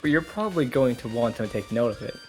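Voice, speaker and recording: A man reading game dialogue aloud in a casual co-op playthrough, chatty and quick to laugh. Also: medium pitch, animated, soft background music. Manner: chatty, rambling, laughs a lot. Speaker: co-player.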